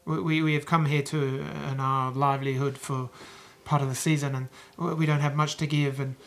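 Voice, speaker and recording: A man's voice: medium pitch, level tone, normal speed, lightly acted. A man doing an eager, stammering band leader. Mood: earnest. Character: earnest grateful man leading a travelling band.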